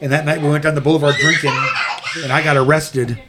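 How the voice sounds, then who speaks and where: A man's voice: on the high side, level tone, quick pace, heavy background noise. A man in his fifties hosting a podcast, telling rambling stories and laughing as he talks. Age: 50s. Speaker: podcast host. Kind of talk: casual podcast chat.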